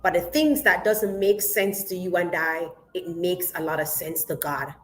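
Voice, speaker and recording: A woman's voice: on the low side, moderate pace, a little hiss or hum, rough recording. A woman pastor sharing a personal testimony in an interview, telling it vividly and with emotion and acting out the dialogue.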